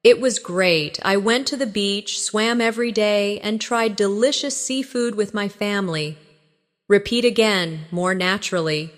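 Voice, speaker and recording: Woman, English shadowing lesson, unhurried delivery, reverberant sound. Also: medium pitch. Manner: calm, clear modelling of phrases for repetition. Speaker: English teacher. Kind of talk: slow shadowing practice lesson.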